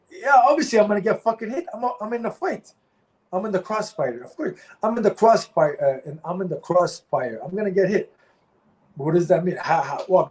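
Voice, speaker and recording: Male ex-fighter guest, blunt and profane, slightly high voice, repeats himself when angry. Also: animated, fairly quick, a little mellow, rough recording. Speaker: former pro fighter, guest. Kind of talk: candid interview talk.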